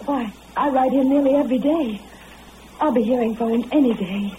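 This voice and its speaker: Lady playing a sweet young girl waiting on her fella, kinda high, tinny radio w/ steady hiss. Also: moderate pace, lightly acted. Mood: hopeful. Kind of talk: 1940s radio acting. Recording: phone-like old radio recording with hiss.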